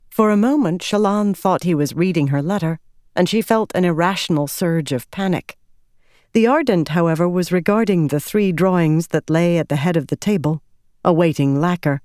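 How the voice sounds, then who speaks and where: A woman reading a fantasy audiobook in measured, scripted narration. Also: on the low side, darkish tone, no room sound, clean studio sound.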